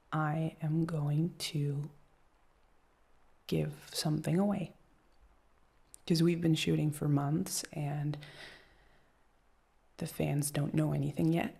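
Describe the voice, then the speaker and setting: Woman, whispered role-play, gravelly low voice, mellow, nervous rambling girlfriend. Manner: nervous, rambling, soft-spoken, laughs often. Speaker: girlfriend character, an actress.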